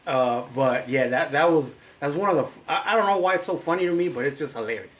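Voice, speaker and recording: A man's voice: on the high side, brisk. A man co-hosting a casual movie chat, rambling and acting out scenes in raised voices. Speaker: podcast co-host.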